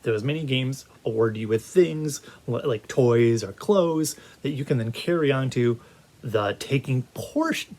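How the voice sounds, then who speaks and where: A man giving a casual video game review, talking in an animated, rambling way full of restarts. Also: mid-range voice.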